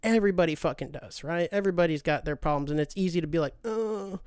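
A man's voice: fairly high pitch, very fast, a little mellow, clear, resonant tone, no room sound, studio quality. A man hosting a podcast, rambling in a profane, self-deprecating monologue and saying dude a lot. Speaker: podcast host. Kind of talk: casual monologue.

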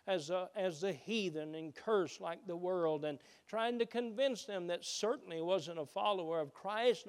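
A man preaching a sermon, shifting between loud emphatic peaks and hushed low passages. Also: smooth. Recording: reverberant hall.

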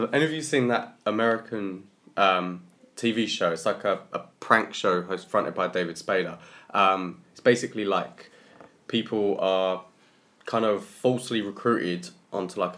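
A young man with a fairly low voice, co-hosting a relaxed podcast. He laughs easily and keeps the talk moving with questions. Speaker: podcast co-host. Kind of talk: casual chat.

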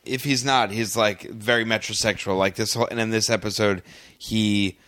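A man hosting a podcast in casual chat, rambling and halting as he retells TV scenes. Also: on the low side, fairly even intonation, fairly bright tone, dry recording. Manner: rambling, halting, quotes scenes in put-on voices. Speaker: podcast host.

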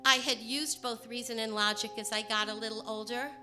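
A woman from Chicago telling a personal story, partly in rhyming verse, moving between hushed and emphatic delivery. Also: on the high side, fairly even intonation, a little fast, over music. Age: adult.

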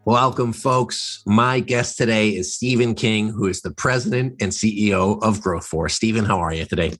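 A man's voice: lowish voice, moderate pace, a bit bright, soft background music. A man hosting a business podcast. He reads a scripted intro, then asks loose, rambling questions. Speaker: podcast host.

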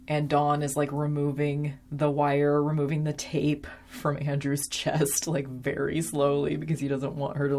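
Woman, low voice, casual recap host, rambling and wry, lots of filler words. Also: vocal fry, darkish tone. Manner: chatty, frequent ums and likes, wry asides. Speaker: episode reviewer.

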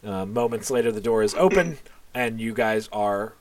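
A man's voice: on the low side, animated, normal speed. A man narrating as game master of a tabletop game, loose and casual, with plenty of fillers and the odd curse.

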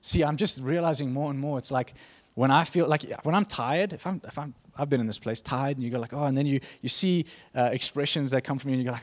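A man's voice: mid-range voice, fast talker, hardly any pauses. Man preaching a loose, rambling sermon. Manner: conversational, rambling with restarts and asides.

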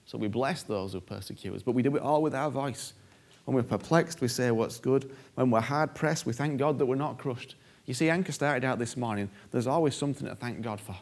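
A male preacher delivers a sermon in a medium-pitched voice, talking fairly quickly with hardly any pauses. Emphatic, he stresses points by repeating key phrases and acting out prayers.

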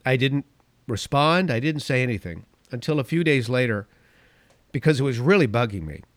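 A middle-aged man talks through his opinion podcast in an emphatic, rambling way, drifting from one story to the next. His voice sits at an ordinary middle pitch. The sound is dry and close, with no room around it. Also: expressive, moderate pace, no echo. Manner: rambling, emphatic, goes off on tangents. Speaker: podcast and radio host.

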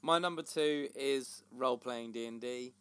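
A man in his thirties with a middle-pitched voice, co-hosting a casual chat. He sounds upbeat and likes to tease a little. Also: moderate pace, smooth. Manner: upbeat, playful teasing. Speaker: podcast co-host.

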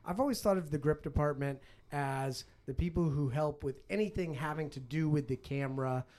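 A man's voice: a little high, fairly quick, a little mellow. Chatty male podcast host. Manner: chatty, with frequent restarts. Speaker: podcast host and film producer. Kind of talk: casual podcast chat.

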